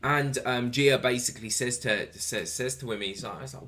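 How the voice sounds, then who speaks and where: A man's voice: medium pitch, moderate pace, sharp tone. A man giving a solo wrestling review, enthusiastic and rambling and swearing casually.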